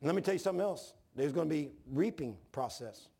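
A man's voice: a little high, fast, creaky, slightly rough. A man preaching a sermon, telling folksy stories and acting out the voices in them. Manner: folksy, animated storytelling, acts out voices in anecdotes. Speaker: pastor. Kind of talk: sermon with storytelling.

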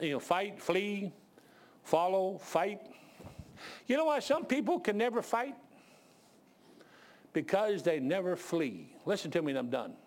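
Man preaching in church, animated storyteller, winded, with a lively, slightly high voice. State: out of breath. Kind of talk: sermon.

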